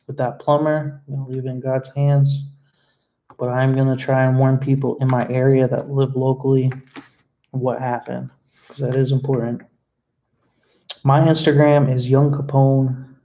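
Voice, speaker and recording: Flat, mellow-voiced young man on a live stream. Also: mid-range voice, poor audio. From United States. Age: young adult. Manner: emotional, earnest, rambling with fillers. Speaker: vlogger hosting a live stream. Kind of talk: casual live-stream chat reading comments.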